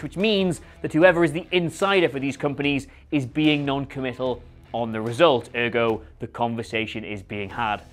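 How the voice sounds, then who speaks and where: Sarcastic man hosting wrestling rumours. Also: on the high side. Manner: sarcastic, animated, rhetorical. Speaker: host. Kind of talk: scripted wrestling rumour commentary.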